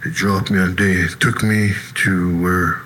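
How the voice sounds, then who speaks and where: Slow, bright-voiced man telling his story. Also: sits low, little pitch movement, slight background noise, rough recording. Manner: halting, conversational, with tag questions like "you know" and "eh". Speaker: person giving a testimony. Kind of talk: personal testimony storytelling.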